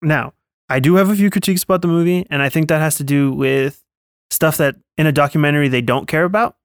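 A man's voice: fairly high pitch, fast, clean tone, dry recording, clean studio sound. A man co-hosting a podcast, chatting casually about a film and acting out lines from it as he retells it. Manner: animated storytelling, acting out quotes. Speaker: podcast co-host. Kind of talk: casual chat reviewing a film.

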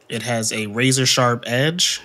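Man, game master, bright tone, loose storytelling, lots of fillers. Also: medium pitch. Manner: relaxed storytelling with frequent fillers and laughs. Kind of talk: narrating a tabletop game.

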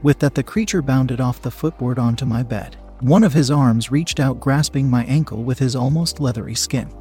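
A man narrating a story in a steady, even reading voice. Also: mid-range voice, normal speed, soft background music. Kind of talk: audiobook-style story reading.

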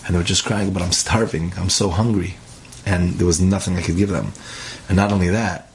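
Deep-voiced guy telling a story super casually, slips into the characters' lines as he goes. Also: a little hiss or hum. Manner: conversational, acts out the characters' dialogue.

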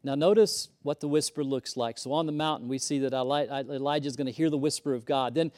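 A man preaching a sermon, moving from loud emphasis to hushed whispers and often repeating words as he starts a sentence. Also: mid-range voice, fairly even intonation, fast. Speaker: pastor.

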